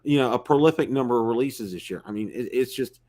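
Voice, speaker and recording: A man's voice: medium pitch, fast talker, a little mellow. A man hosting a live-stream talk show about drones, rambling with many fillers and restarts. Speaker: host.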